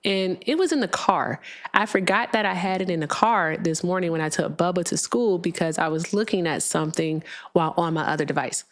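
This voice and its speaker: A woman's voice: fairly low pitch, brisk. A woman hosting a live call-in stream, talking casually with a sarcastic, chatty manner and lots of fillers. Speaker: livestream host.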